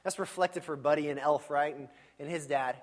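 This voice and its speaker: A man preaching a sermon in a church, in a conversational and animated storytelling manner with frequent asides. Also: a little high, moderate pace. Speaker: pastor.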